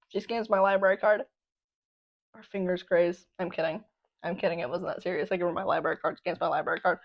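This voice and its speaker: Excitable young woman telling a story. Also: mid-range voice, lo-fi sound. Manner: excitable, exclamatory, playful self-mocking. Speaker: podcast host. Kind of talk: casual storytelling chat.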